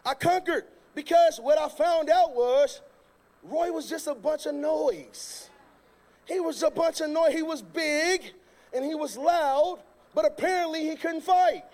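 High-pitched male preacher who tells jokey stories in his sermon, lively and loud at times. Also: unhurried. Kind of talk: sermon with comic storytelling.

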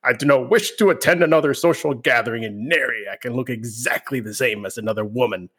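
A man voicing a pompous, haughty female dark elf apprentice mage in a game podcast. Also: medium pitch, breathy edge. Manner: haughty, drawn-out, slowing at the end.

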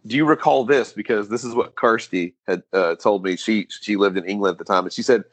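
A man's voice: lowish voice, brisk, no echo. A man hosting a casual interview, curious and laughing easily as he asks his guest questions.

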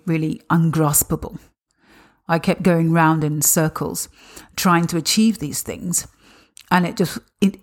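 Earnest low-voiced woman telling her story. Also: a little mellow. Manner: reflective, earnest, with frequent "you know" and repeated words. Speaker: podcast host. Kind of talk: personal storytelling monologue.

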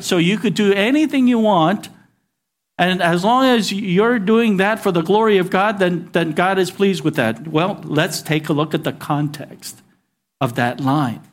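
Delivering his sermon in a conversational way, this pastor uses asides and call-and-response with his congregation. He's a man whose voice is high and fairly bright in tone.

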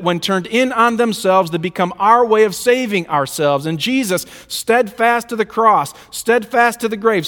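A man's voice: sits high, a bit bright. A man preaching a sermon in a church, speaking with emphatic rhythm and repeated lists. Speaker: pastor. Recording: reverberant hall.

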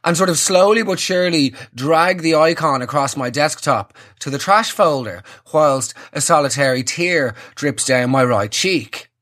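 A man's voice: medium pitch, fairly bright tone. A young man, a comedian hosting his own show, talking to camera in a wry, self-mocking way with sweary asides. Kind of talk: casual comic monologue to camera.

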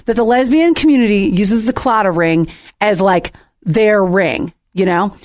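A woman co-hosting a podcast, telling a story in casual chat, animated and laughing between restarts. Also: medium pitch, measured pace, dry recording, clean studio sound. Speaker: podcast co-host.

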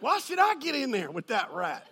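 A man preaching a sermon, telling a funny personal story and building to loud, excited peaks. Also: extremely high pitch, normal speed, creaky, slightly rough. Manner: storytelling with humor, rises to shouting. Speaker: pastor.

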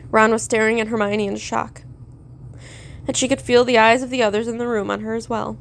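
A woman's voice: a little high, little pitch movement, fairly quick, creaky, slight background noise. Woman reading a story aloud. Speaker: fan fiction reader. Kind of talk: storybook narration.

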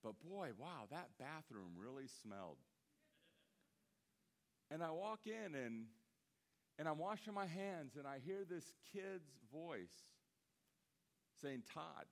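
A man in his fifties delivers a sermon with a lively, swooping delivery and a slightly raised voice. He tells stories with big emphatic swells that drop into quiet asides. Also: on the high side, takes it slowly, long pauses. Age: 50s. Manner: animated storytelling, swinging from loud emphatic bursts to hushed asides. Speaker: pastor.

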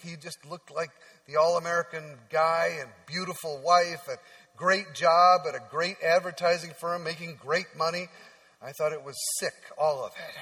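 A male pastor giving a sermon in a conversational storytelling manner, often dropping to soft, hushed tones. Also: on the high side. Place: church sanctuary. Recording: long church-hall reverb.

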